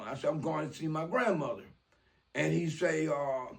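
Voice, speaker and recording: A man's voice: on the high side, moderate pace, creaky. A man, telling a street story in a profane, streetwise way and acting out the dialogue. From Mobile, Alabama. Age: 60s. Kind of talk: casual personal storytelling.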